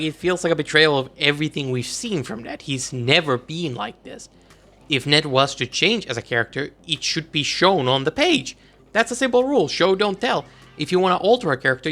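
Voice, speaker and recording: A man giving a comics video essay, ranting in an exasperated, animated way. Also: a little high. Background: faint background music.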